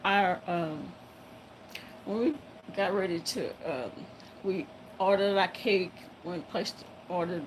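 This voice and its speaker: A woman telling a story to viewers in a halting, casual way, breaking into frequent laughter. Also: on the low side, slight background noise, poor audio. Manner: laughs often, halting with many fillers.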